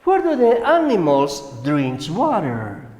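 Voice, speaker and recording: Slow, echoey Colombian English teacher. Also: male voice, high-pitched, wildly swooping pitch, darkish tone, soft background music. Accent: Colombian Spanish. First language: Spanish. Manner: slow, repeats words and asks "right?". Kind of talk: classroom English lesson. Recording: echoey room with long reverb.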